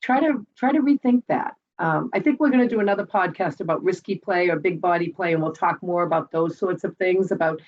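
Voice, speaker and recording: A middle-aged woman co-hosting a podcast in casual chat, animated and often acting out children's voices. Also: on the low side, fairly quick, hardly any pauses, lo-fi sound. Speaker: podcast co-host.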